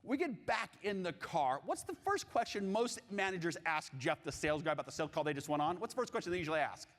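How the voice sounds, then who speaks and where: A man giving a live conference keynote on coaching, animated and jokey, asking the audience questions. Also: on the high side, fast talker. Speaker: keynote speaker on sales coaching. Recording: long hall reverb.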